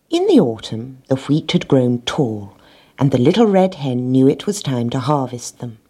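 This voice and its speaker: A woman reads a children's storybook aloud in a gentle, expressive way. Her voice is low and husky, and her intonation swings widely as she tells the tale. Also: moderate pace. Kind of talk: storybook narration.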